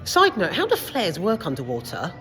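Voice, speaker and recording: Woman, casual film review, low voice, very lively pitch, rambling, swears. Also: normal speed, faint music behind. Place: cinema foyer.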